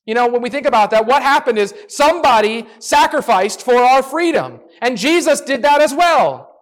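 Animated high-voiced male preacher. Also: moderate pace. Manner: animated, acts out little voices, drops to soft earnest tones. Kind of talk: sermon.

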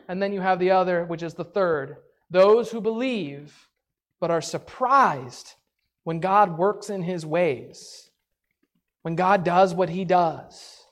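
A woman teaching a Bible story in a casual, animated way, chatty and full of "like", acting out the characters' lines. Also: lowish voice. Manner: animated, acts out the characters' lines in quick voices; chatty, peppered with "like".

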